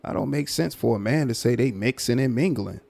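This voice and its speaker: A man's voice: medium pitch, a little fast, gravelly, darkish tone. A man hosting a livestream, giving blunt, repetitive commentary on a guest. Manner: repetitive, emphatic, judging. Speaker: livestream host.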